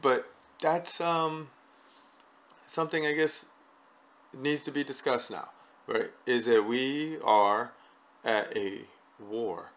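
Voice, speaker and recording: A man's voice: mid-range voice, takes it slowly, pauses often, fairly bright tone. A man hosting a casual talk show, rambling and repeatedly asking "right?" as he makes his points. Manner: rambling, peppers lines with "right?". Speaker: podcast host. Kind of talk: casual conversational chat. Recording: dull lo-fi recording.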